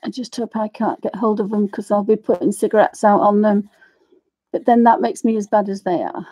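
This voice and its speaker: A woman's voice: mid-range voice, fairly even intonation, fairly quick, dark tone. A middle-aged woman chatting and rambling while demonstrating colouring, often apologising for her tangents. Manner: rambling, apologetic, ranting asides. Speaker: craft tutorial host.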